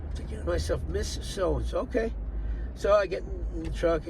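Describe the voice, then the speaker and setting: A man's voice: sits high, normal speed, creaky. A man telling a story to his phone camera from his car, swearing and sounding exasperated, with street noise behind. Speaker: vlogger. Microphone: phone camera mounted in car.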